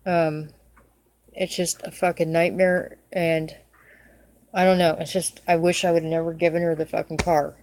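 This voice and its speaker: A woman's voice: sits low, level tone, normal speed, darkish tone. A middle-aged woman venting angrily in a personal video rant, swearing and repeating herself. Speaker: vlogger. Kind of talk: angry personal rant to camera.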